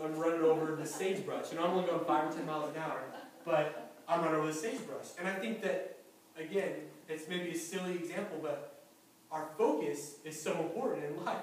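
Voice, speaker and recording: A man preaching, telling a story in a lively, anecdotal way with light chuckles, recorded from a distance in a church sanctuary. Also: fairly high pitch. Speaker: pastor. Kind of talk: sermon storytelling. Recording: very echoey church hall from far off, faint noise.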